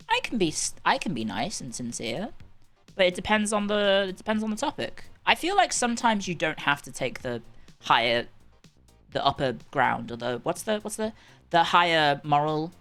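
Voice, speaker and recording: A woman's voice: medium pitch, a bit bright. Sarcastic British woman streamer. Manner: sarcastic, bantering, rambling. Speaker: livestreamer. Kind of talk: casual chat.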